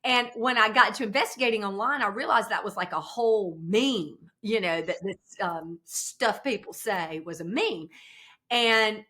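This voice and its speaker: A woman's voice: mid-range voice, moderate pace. A woman in her fifties from South Carolina with a Southern American accent, a podcast guest chatting casually and telling stories with lots of laughter. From South Carolina, USA. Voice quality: animated storyteller, laughs often, playful voices in quotes. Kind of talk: casual interview chat.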